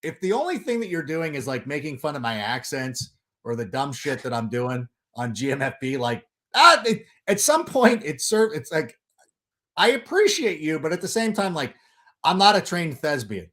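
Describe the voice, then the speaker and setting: A middle-aged man, a guest on a livestream, ranting in an animated, sarcastic way and throwing in loud mock quotes. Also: on the high side, normal speed. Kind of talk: casual chat on a livestream.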